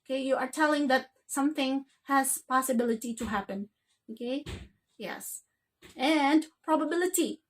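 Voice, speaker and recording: A woman's voice: high voice, normal speed. Woman teaching, "okay?" after every phrase. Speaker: English teacher. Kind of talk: grammar lesson.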